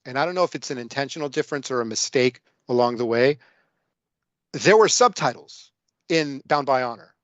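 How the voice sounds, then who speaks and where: A man's voice: medium pitch, a bit bright, no room sound, muffled recording. A man telling a long rambling story in a casual podcast film chat, with lots of fillers and restarts. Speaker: guest film discussant.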